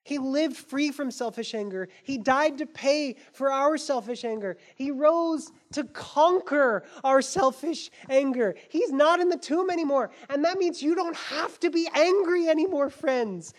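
Lady pastor preaching, high voice, earnest but casual, lots of "like". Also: unhurried, few pauses. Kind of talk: sermon.

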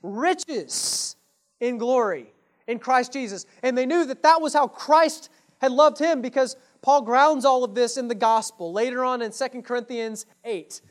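A man preaching an earnest sermon as a pastor, putting rhetorical questions to his congregation and addressing them casually and directly. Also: extremely high pitch. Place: church.

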